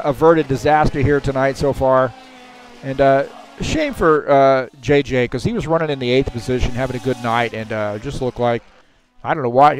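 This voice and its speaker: A man giving casual, chatty commentary on a sim race, with lots of fillers. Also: medium pitch.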